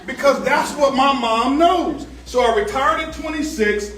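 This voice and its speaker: A man giving a lively motivational seminar talk, telling stories and joking with a live audience. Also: very high-pitched, measured pace. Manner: animated storyteller, jokes with the crowd, asks for hands. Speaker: motivational speaker on stage. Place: large event hall. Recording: echoey hall, distant mic.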